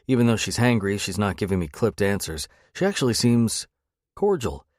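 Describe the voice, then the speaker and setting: Man reading a romance audiobook, low voice, wry and sardonic, super dry close mic. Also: big pitch swings, normal speed, a little mellow, dry recording. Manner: wry, sardonic inner monologue. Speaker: audiobook narrator. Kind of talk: first-person romance audiobook narration.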